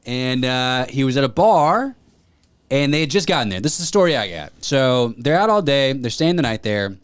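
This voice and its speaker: A man's voice: mid-range voice, normal speed, smooth, no room sound. Man telling a story, dry close sound. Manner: animated retelling with quoted voices. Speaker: podcast co-host. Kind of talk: casual storytelling chat.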